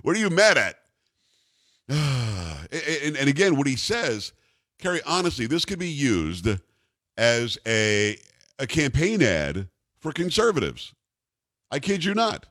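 A man's voice: on the high side, very animated, a little slow, long pauses, a bit bright, no echo, studio quality. A man hosting a talk radio show, bantering with a co-host in a jokey, sarcastic way. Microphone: studio mic.

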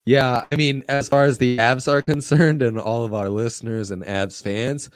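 A man's voice: medium pitch, fairly even intonation, moderate pace, no echo. A man co-hosting a casual sports podcast, bantering playfully and laughing often. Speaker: podcast co-host.

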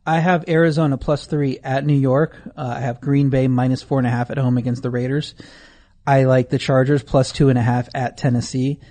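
Fast-talking man with a mellow voice. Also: medium pitch, little pitch movement. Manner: quick, dry sarcasm. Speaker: podcast co-host. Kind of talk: casual betting podcast chat.

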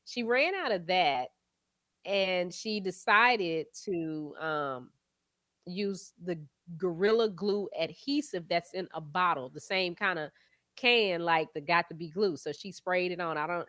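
A woman's voice: fairly low pitch, no echo, clean studio sound. A woman co-hosting a morning radio show with a Southern accent, chatting in a casual, explaining way. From Texas. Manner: chatty, explaining with warm asides.

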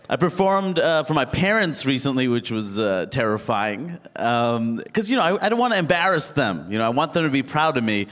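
A man's voice: mid-range voice, lively intonation, a little fast, hardly any pauses, fairly bright tone. A man performing a stand-up comedy set on stage, telling stories animatedly and mimicking other people. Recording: live hall with reverb, faint noise.

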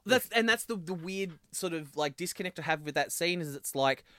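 A man chatting casually about a TV episode, animated and acting out characters' lines. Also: a little high, fairly quick, no room sound, clean studio sound. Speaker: podcast co-host discussing a TV episode. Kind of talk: casual chat.

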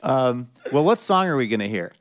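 A man's voice: mid-range voice, very animated, moderate pace, a crowd in the background. A man hosting a radio show, asking meandering, thoughtful interview questions.

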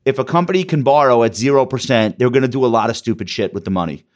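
A man's voice: mid-range voice, quick pace. A man who works as a financial advisor, a guest on a podcast discussion, talking bluntly and candidly with wry jokes and the odd curse.

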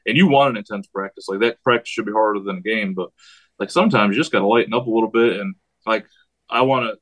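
A high school head football coach talking casually on a podcast, rambling and acting out what he yells at his players. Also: quick pace. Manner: rambling, animated storytelling with quoted yells.

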